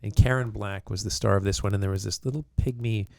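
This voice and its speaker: A man's voice: lowish voice, fairly even intonation, fast talker, creaky, no echo, clean studio sound. A man co-hosting a casual movie podcast, laid-back and offering short remarks. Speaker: podcast co-host.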